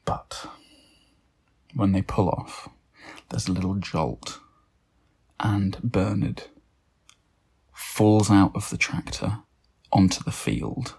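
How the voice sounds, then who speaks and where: A man improvises a comic story and keeps circling back with fillers and false starts. His voice sits low and has a husky, gravelly texture. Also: steady tone, slow, long pauses, darkish tone. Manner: rambling, full of fillers and restarts.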